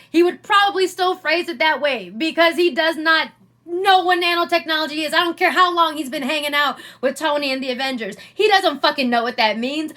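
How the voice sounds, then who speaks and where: A woman comedian ranting in an exasperated, profane, animated way straight to camera. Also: high voice, normal speed. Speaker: comedian and sketch creator. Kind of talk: profane rant vlog.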